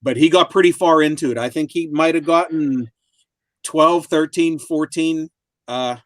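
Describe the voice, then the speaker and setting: A man co-hosting a casual online talk show, recounting stories with lots of filler pauses over a video call. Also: a little high, no room sound. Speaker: co-host. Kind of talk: casual chat.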